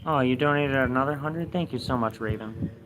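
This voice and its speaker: A young man live streaming from a lakeside park, reading his chat aloud in a flat, mumbled way that turns defensive at times. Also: mid-range voice, brisk. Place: outdoors at a park by a lake. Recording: noisy outdoor phone recording.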